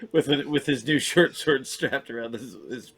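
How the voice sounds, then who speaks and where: A man's voice: mid-range voice, normal speed, a bit bright. A man taking part as a player in a tabletop game, asking stammering, hesitant questions. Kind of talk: casual tabletop play.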